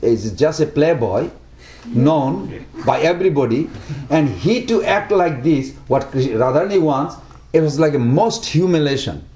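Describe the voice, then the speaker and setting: A man giving a devotional talk to a small group in simple, broken English, often asking lively rhetorical questions. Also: a little high, echoey room. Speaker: devotional speaker.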